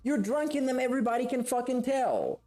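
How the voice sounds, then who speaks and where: A man's voice: extremely high pitch, very animated, a little fast, mellow, soft background music. A male streamer in live reaction commentary who rants in a profane, scornful, mocking way.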